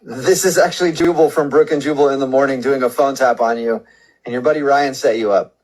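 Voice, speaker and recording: A man with a husky, slightly breathy voice rattles off his lines quickly. He keeps a calm, mock-polite customer-service tone as he runs a deadpan prank call for a radio show. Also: medium pitch, low-quality recording.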